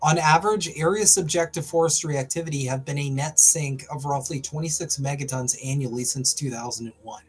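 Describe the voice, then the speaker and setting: A man with a fairly high voice reads a news article aloud on a live show, stopping now and then for dry, sarcastic jokes. Faint music plays underneath. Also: brisk, few pauses, breathy edge. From Canada. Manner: wry, breaks off into playful sarcastic asides. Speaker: host. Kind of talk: reading an article aloud with jokey asides on a livestream.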